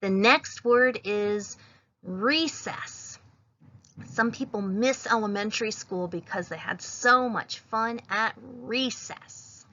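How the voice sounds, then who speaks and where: A woman's voice: on the high side, takes it slowly, bright, forceful tone, highs cut off. A woman teacher giving a patient phonics lesson, sounding out each letter as she writes words.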